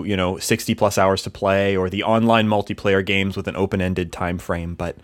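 A man co-hosting a casual podcast chat over a video call, easygoing and explanatory. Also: fairly low pitch. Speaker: podcast co-host.

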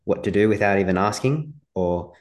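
Low-voiced male podcast host. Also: lively intonation, normal speed, a little mellow. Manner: rambling, searching questions. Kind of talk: conversational podcast interviewing.

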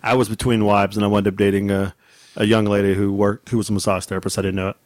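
A man's voice: on the low side, flat delivery, fast, darkish tone, no room sound. A man in casual chat, laughing and playfully defensive, with faint noise in the background.

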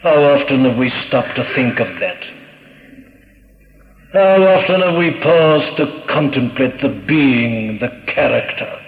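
Solemn emphatic preacher in an echoey church. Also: male voice, mid-range voice, animated, takes it slowly. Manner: solemn, emphatic, repeats phrases with rising fervor. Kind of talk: sermon. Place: church pulpit. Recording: dull, echoey old church sermon recording.

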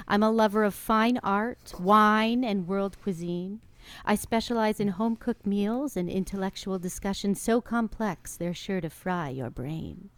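A woman voicing a cultured male cannibal psychiatrist, slow, silky and courteous. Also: mid-range voice, dry recording, close to an everyday voice.

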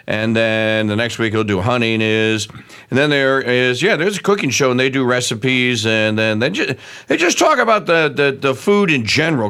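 A man co-hosting a casual radio chat, rambling and halting with many fillers. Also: medium pitch, a bit bright, smooth. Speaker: radio show co-host. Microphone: earbud headset.

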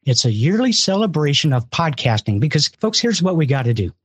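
Hosting and organizing a live podcast show, a man urges his audience emphatically, repeating words in his enthusiasm. His voice is fairly high, with big swings in pitch, a brisk pace, and slight roughness, with no echo.

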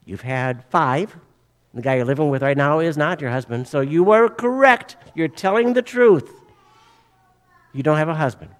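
A preacher quoting a calm male teacher, speaking quietly and gently. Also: on the high side, normal speed, voice pushed down, close to an everyday voice. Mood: gentle.

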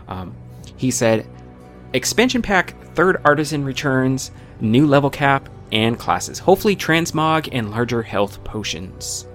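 Guy hosting a gaming podcast, casual, lots of uh and restarts, light music under it. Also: medium pitch. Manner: halting, full of fillers and restarts. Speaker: podcast host.

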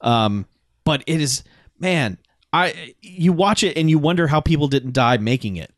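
A podcast co-host reviews a film in loose, profane, excited chatter. His voice is fairly high and expressive, and he talks a little slowly. The recording is clean studio sound with no room echo.

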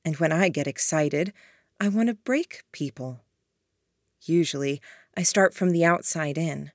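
A woman voicing an unsettling young woman who makes calm, soft-spoken threats. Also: sits low, measured pace, no room sound, studio quality. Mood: softly menacing. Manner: soft, eerily gentle threats.

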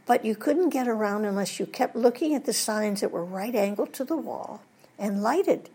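A veteran American voice actress, guest in a relaxed interview, shares stories from her career. Her gravelly, slightly husky voice sits on the high side. Animated and quick to laugh at her own tales, she rolls one anecdote into the next.

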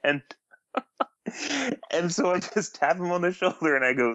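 A man telling a funny anecdote in casual conversation, animated and laughing as he goes, acting out the people in it. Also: sits high, unhurried, no room sound, muffled recording. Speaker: guest telling a story. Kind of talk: casual storytelling on a podcast.

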